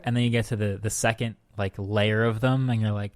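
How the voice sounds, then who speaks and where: A man co-hosting a podcast in casual chat, animated and playful, telling stories with mock exclamations, in a hotel room. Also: fairly low pitch, fairly quick. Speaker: podcast co-host.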